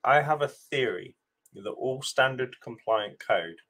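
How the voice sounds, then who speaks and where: A man's voice: medium pitch, animated, a little slow, a bit bright. A man with a British accent on a coding call, asking wry questions and explaining technical ideas at length. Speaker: co-host developer. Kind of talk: casual technical chat.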